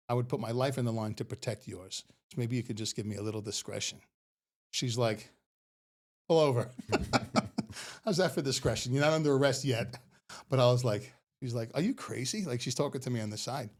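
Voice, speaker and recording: A middle-aged man, a retired police officer, telling stories in a casual, animated way and laughing often. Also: medium pitch. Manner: animated, laughing often, acts out quoted voices. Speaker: podcast guest. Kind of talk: casual storytelling.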